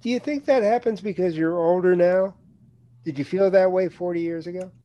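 A man's voice: sits high, moderate pace, highs cut off. A man hosting an interview podcast, dropping dry, joking asides. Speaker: podcast host. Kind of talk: casual interview conversation.

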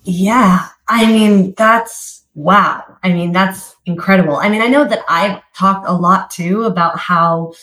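A woman's voice: medium pitch, fairly even intonation, unhurried, few pauses, a bit bright, rough recording. A woman hosting an interview, asking questions and reflecting on her guest's answers with admiration. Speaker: podcast host. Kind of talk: interview chat.

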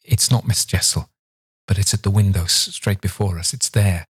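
A man's voice: low voice, normal speed, husky. A man voicing an anguished, fiercely protective woman governess in a storybook reading, with urgent, rising exclamations.

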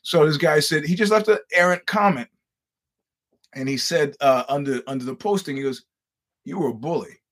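A man's voice: on the high side, normal speed. A man hosting a podcast, telling a long profane story in a casual monologue and acting out what people said. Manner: profane, animated storytelling with acted-out quotes. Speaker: podcast host.

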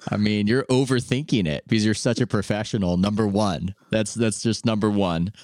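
A man's voice: lowish voice, fairly even intonation, normal speed, darkish tone, no room sound, studio quality. A man hosting a podcast, talking casually in an opinionated, playful, teasing way. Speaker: podcast host. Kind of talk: casual conversation.

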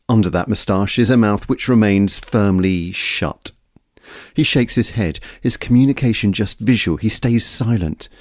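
A man delivering measured, scripted documentary narration as podcast host. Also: fairly low pitch, a little mellow, no echo, studio quality. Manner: measured, descriptive.

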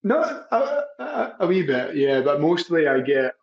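A friendly, easygoing man speaks with a Scottish accent that has drifted toward American. He talks as an interview guest and fills his pauses with "uh" and "um". His voice comes through slightly dull, lo-fi remote audio. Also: medium pitch, expressive, gravelly. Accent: Scottish mixed with American. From Scotland. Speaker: guest, company CEO. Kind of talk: casual podcast interview.

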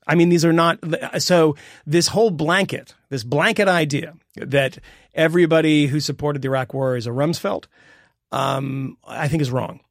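Brief: middle-aged male podcast co-host, gravelly fry in the voice, rambling and emphatic, dry close mic. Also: no echo. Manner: rambling and emphatic, with sudden jumps in pitch. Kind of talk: casual political podcast chat.

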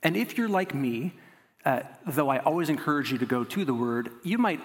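A man's voice: fairly high pitch, lively intonation, normal speed. A man preaching a sermon, reading scripture and breaking off into casual, conversational asides. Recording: long hall reverb.

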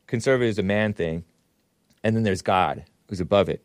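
A man's voice: lowish voice, a little fast, no echo, clean studio sound. A man hosting a talk show, giving sarcastic, chuckling commentary while reading out chat comments.

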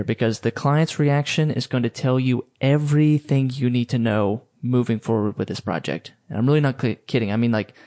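A man's voice: medium pitch, darkish tone. Casual male podcast host with a mid-range voice, rambling, filler-heavy coaching talk. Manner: loose and chatty, many fillers and restarts.

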